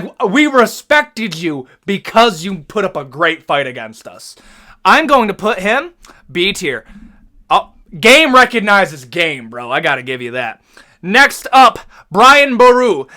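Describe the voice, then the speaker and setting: A young American man with an American accent giving slangy, animated tier-list commentary as host, swearing freely. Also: high voice. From United States.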